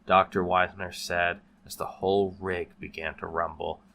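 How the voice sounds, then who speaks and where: A man narrating a horror story in a steady, measured way. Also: low voice, creaky.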